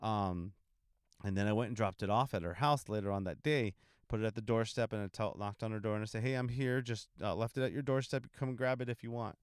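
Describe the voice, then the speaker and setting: A young man from California who serves in a church ministry, telling a testimony in a relaxed, rambling way with many ums. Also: on the low side, quick pace, smooth, dry recording, clean studio sound. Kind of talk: casual testimony talk.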